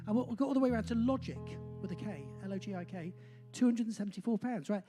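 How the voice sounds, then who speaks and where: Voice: medium pitch, quick pace, mellow, soft background music. An older compere, about sixty, with a faint Bristol accent talks live from a pub stage. The delivery rambles and mocks itself, full of filler "uh"s. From Bristol, England. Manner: rambling and self-mocking, with many filler "uh"s. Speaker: compere of a live music night. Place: pub function room, on stage.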